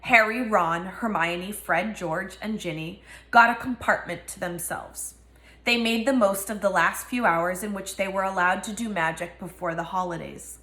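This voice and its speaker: A woman's voice: mid-range voice, normal speed, sharp tone, roomy sound. A woman reading a novel aloud and giving each character a voice. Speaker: reader.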